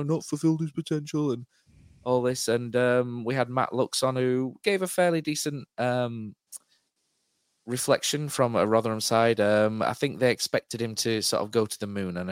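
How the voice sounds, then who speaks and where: A man's voice: mid-range voice, smooth, no echo. A man hosting a football podcast, wry and chatty, steering the talk with questions. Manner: wry, leads the conversation with questions. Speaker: podcast host. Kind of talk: casual chat.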